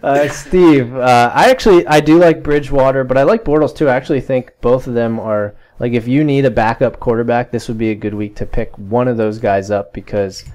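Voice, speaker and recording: A male podcast host with a smooth, resonant voice and a middle pitch. He talks in a loose, chatty way, dropping plenty of "uh"s as he runs through plugs and wraps up the show. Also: a little fast, hardly any pauses, darkish tone. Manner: chatty, many fillers, reads off plugs. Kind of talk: casual sports podcast chat.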